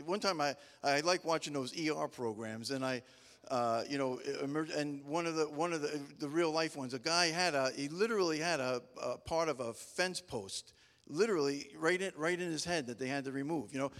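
Middle-aged male preacher, higher voice, loose storytelling with restarts, echoing in a large hall. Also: a little fast, a bit bright. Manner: rambling, stop-start storytelling with frequent restarts; folksy and humorous. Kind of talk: casual conversational sermon. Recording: long reverb of a large hall.

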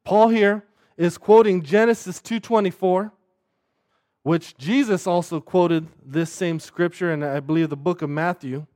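A man's voice: sits high, steady tone, measured pace, darkish tone. Man preaching, asking "right?" often. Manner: checks in with the listeners by asking "right?" again and again; repeats words often as he restarts his sentences. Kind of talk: sermon.

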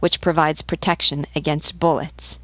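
A woman narrating an audiobook in a steady, unhurried way. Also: low-pitched, no room sound.

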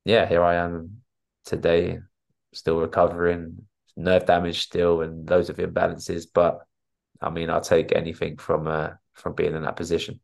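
Man, very deep voice, podcast guest, candid, acts out dialogue. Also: completely flat delivery, normal speed, gravelly, darkish tone. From North London. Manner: candid, vivid retelling, acts out quoted dialogue. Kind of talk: casual interview storytelling.

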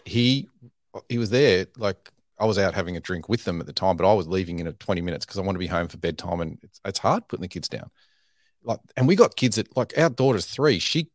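A man speaks in a very low voice, caught dry and close to the mic. He chats candidly as a podcast guest, self-deprecating and often restarting his sentences. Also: no room sound. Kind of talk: candid conversational storytelling.

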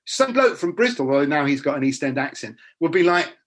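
A man's voice: a little high, very animated, brisk. A middle-aged man, an actor talking bluntly and animatedly in a casual interview, often restarting his sentences.

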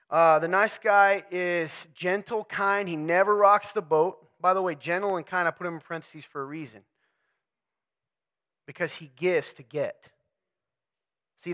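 Young male preacher, high bright voice, jokey direct-address sermon style. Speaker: speaker at a men's talk. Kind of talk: conversational sermon.

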